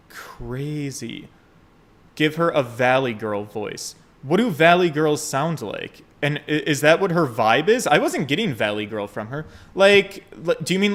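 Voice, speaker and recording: A man's voice: fairly high pitch, a bit bright. Chatty man commenting on a game. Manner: chatty, joking, swears freely. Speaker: let's play host. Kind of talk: casual gameplay commentary.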